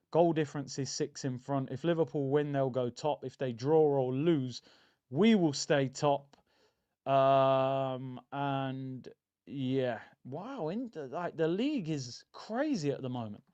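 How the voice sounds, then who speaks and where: A man streaming a live football watchalong, chatting casually about the match and reading out viewer comments. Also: fairly high pitch. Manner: chatty, reads out viewer comments, excitable bursts. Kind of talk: live match reaction chat.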